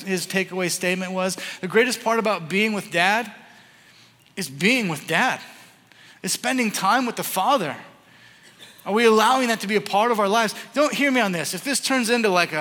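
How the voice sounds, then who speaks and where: A man in his thirties preaching a sermon, earnest and animated, swinging from loud to hushed. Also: high-pitched, brisk. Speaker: pastor. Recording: echoing hall reverb.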